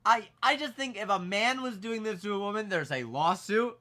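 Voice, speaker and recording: High, bright-voiced man telling a story. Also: moderate pace. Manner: animated, self-mocking storytelling. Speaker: podcast co-host. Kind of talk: casual podcast chat.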